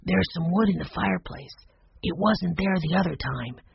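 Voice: mid-range voice, moderate pace, vocal fry, a little hiss or hum. An audiobook reader voicing an earnest, determined older boy, in a dull lo-fi recording. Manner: serious and determined.

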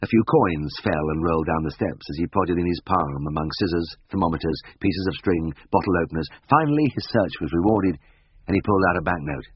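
A man narrating a story in the first person with a measured, expressive reading. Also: low-pitched, husky, lo-fi sound.

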